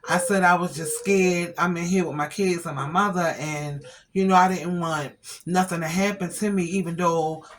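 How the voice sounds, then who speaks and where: A woman's voice: on the low side, steady tone, normal speed, a little hiss or hum. A woman vlogger chatting casually to her viewers, retelling her day with lots of quoted dialogue. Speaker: vlogger and family caregiver. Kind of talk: casual storytelling to camera.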